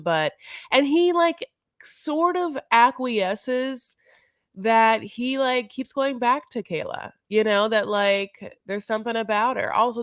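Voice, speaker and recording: A woman's voice: fairly high pitch, expressive, measured pace, no echo, studio quality. A woman co-hosting a podcast, casually recapping a reality show in a rambling, chatty way and calling her co-host honey.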